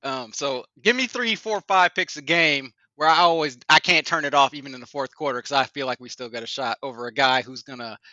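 A man co-hosting a casual sports chat, lively and opinionated, laughing often. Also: mid-range voice, a little fast, hardly any pauses, no room sound, dull audio. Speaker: podcast co-host.

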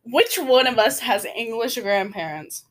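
A woman in casual chat with a friend, teasing and giggly and quick to argue back. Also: fairly high pitch, lively intonation, a bit bright. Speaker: friend in conversation.

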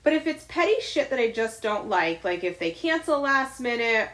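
A woman co-hosting a podcast chats candidly and casually, blunt and confessional, swearing freely. Her voice is a little high and sing-song with a fairly bright tone, at a moderate pace.

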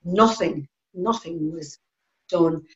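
A woman's voice: lowish voice, slow. Older North East English woman, earnest. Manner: plain-spoken, earnest, hesitant with many ums. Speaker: interviewee. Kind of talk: personal recollection. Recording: roomy, slightly dull recording.

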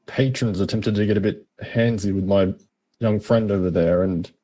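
A man's voice: lowish voice, mellow. A man playing his character at a tabletop game, speaking hesitantly with frequent uhs. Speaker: player. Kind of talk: in-character role-play.

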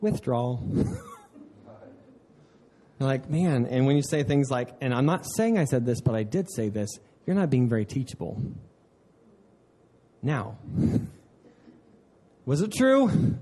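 A young adult man preaching a sermon in an earnest, conversational way, often saying "man" and dropping in quick asides. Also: medium pitch, lively intonation, mellow. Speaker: pastor.

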